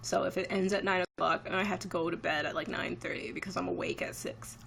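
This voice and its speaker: A woman's voice: fairly low pitch, steady tone, fast talker, vocal fry, a bit bright, slight background noise. A woman in her twenties chatting casually on a live stream, rambling and reacting to viewer comments. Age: 20s. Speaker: livestreamer.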